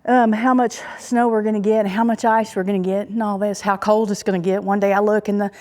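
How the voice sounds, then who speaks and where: A woman's voice: medium pitch, level tone, brisk, warm tone. A woman from Oklahoma talking casually while she does farm chores, a little out of breath and rambling with many fillers. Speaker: homesteader vlogger. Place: outdoors on a farm.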